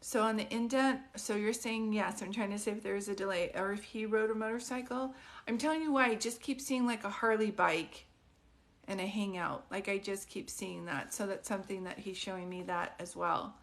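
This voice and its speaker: Woman doing a live reading on her phone, soft and consoling, lots of "does that make sense". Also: medium pitch, fairly even intonation, a little fast. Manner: soft, consoling, often asks questions. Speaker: psychic medium. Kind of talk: live-stream reading, casual and chatty.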